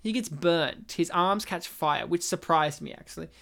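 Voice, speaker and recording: A man's voice: a little high, normal speed, creaky, bright, forceful tone. A man co-hosting a casual film chat, joking around and spinning absurd made-up stories, often laughing as he talks. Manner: laughs often while talking. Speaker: podcast co-host reviewing films.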